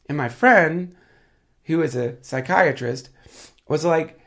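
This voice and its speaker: A man's voice: on the high side, measured pace, vocal fry, pushed and bright. A man telling rambling stories as a podcast guest, full of fillers and swearing, sniffling with a head cold. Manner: rambling, filler-heavy, profane storytelling. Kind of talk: casual podcast chat.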